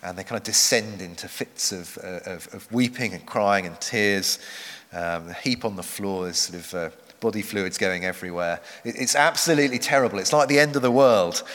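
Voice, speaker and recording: A man preaching a sermon, earnest and measured, slowing down for emphasis. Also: on the low side, a bit bright. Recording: long hall reverb.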